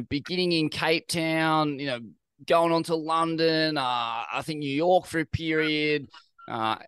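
A man hosts a podcast with loose, eager energy, often groping for the next word. His voice is smooth and resonant. The sound is close and dry, with no room around it. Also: mid-range voice, fairly bright tone, no echo. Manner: enthusiastic, loose, searching for words. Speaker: podcast host. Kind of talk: casual interview.

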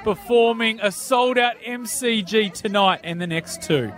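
A man's voice: high voice, measured pace, a bit bright, some chatter behind. A man presenting live radio, reading promos in an upbeat announcer manner.

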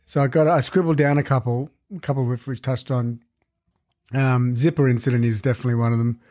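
A man co-hosting a podcast, chatting casually about a movie in a relaxed way, with dry teasing. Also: medium pitch, fast talker. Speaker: podcast co-host.

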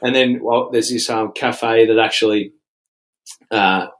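A man's voice: on the low side, fairly even intonation, unhurried, fairly bright tone, poor audio. A young Australian man co-hosting a podcast, chatting casually with lots of fillers and restarts. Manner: rambling, many fillers and restarts. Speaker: podcast co-host. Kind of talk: casual chat.

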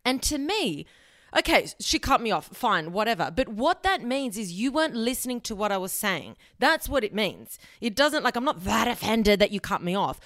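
A woman's voice: fairly high pitch, sing-song, normal speed, fairly bright tone, no room sound, studio quality. Blunt, swearing woman. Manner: blunt, emphatic, swears casually. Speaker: podcast host. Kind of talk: solo advice podcast monologue.

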